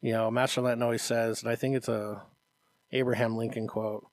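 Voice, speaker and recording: A man in the middle pitch range talks to his listeners in an earnest, encouraging way. He often stops to check in with a quick "okay?" He is recorded close and dry, with no room sound. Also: level tone, no echo. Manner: earnest and encouraging, acts out parents' voices, often adds "Okay?". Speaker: martial arts instructor and podcast co-host. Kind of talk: casual podcast chat.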